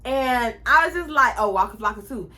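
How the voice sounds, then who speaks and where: A woman in her twenties tells a story to her viewers in a loose, chatty vlog style. Her voice sits fairly high with a bright, sharp edge. She swears freely and acts out the lines of the people in her story. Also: moderate pace. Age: 20s. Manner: animated, profane, acts out quotes. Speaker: vlogger. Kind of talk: casual storytime.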